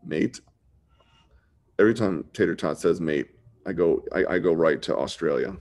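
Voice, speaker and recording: A man's voice: deep voice, animated, brisk, a little mellow. A man teaching a casual live online drawing lesson, laid-back and chatty, talking like a buddy. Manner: laid-back and chatty, says dude a lot. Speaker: drawing instructor.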